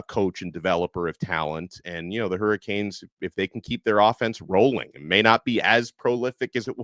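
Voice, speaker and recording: Man, sports podcast host, casual listener Q&A, conversational and loose, low voice, dry close sound. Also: a bit bright, dry recording. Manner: conversational, many fillers and restarts.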